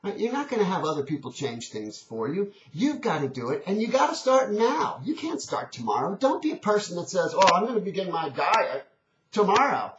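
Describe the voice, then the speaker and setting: A man's voice: high voice, huge pitch swings, a little fast, few pauses, a little hiss or hum. A man giving an earnest, conversational motivational talk, telling a story and urging change. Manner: earnest and conversational, many restarts. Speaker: motivational speaker. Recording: dull, echoey old recording.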